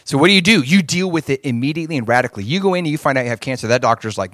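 A male pastor preaching in an animated style, dropping to near-hushed asides and then pushing hard on key points. He keeps asking the congregation whether they are following along. His voice sits at an ordinary middle pitch, and the recording is dry and close. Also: rapid-fire, hardly any pauses, no echo. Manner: animated preaching, swinging between hushed and emphatic; asks the crowd for agreement often. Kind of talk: sermon.

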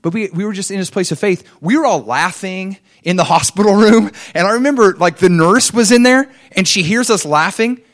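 A man's voice: fairly quick, few pauses. A man preaching a conversational sermon, telling stories, asking the congregation questions and acting out the people in them. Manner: acts out quoted people with big swings in pitch and loudness. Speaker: pastor.

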